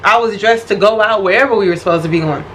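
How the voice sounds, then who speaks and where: A young woman vlogger telling a personal story in an animated, expressive, casual way. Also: medium pitch, fast, a little hiss or hum, rough recording. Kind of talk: storytime vlog.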